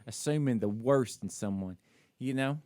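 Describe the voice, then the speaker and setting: A man with an average-pitched voice talks casually on a podcast and tells a story about himself without holding back. He is self-critical and piles on "you know" and "like". The sound is close and dry, with no room echo. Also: normal speed, mellow. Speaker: podcast co-host. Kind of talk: casual chat.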